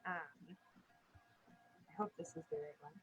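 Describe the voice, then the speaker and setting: A woman's voice: low-pitched, a little slow, a bit bright, faint music behind, low-quality recording. A middle-aged woman teaching dementia care in a live online session, earnest and chatty, checking in with "right?" often. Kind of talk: live-streamed training chat.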